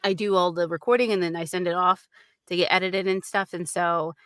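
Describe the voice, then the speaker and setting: A woman who narrates audiobooks and hosts her own show, chatting casually on a live stream, animated and quick to mimic voices. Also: on the low side, smooth, dry recording, studio quality. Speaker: voice actor and show host.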